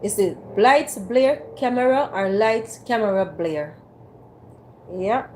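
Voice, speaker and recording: A woman's voice: on the high side, lively intonation, slow, darkish tone, a little hiss or hum. A woman hosting a casual livestream from a phone on a ring light, playfully teasing and coaxing her viewers to type in the chat. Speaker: livestream host.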